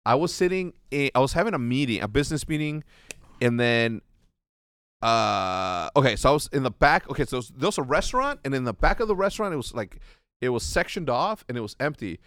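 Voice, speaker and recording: A man's voice: medium pitch, fairly quick, smooth, no echo. Guy on a podcast telling a sweary story, acting out what everyone said, dry close mic. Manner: profane, animated retelling with acted quotes. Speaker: podcast host, former pro gamer. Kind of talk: casual chat, storytelling.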